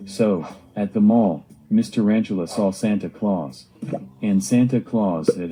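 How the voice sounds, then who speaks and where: A man's voice: fairly low pitch, unhurried, dark tone, soft background music, poor audio. A man narrating a homemade cartoon video diary with simple, earnest storytelling.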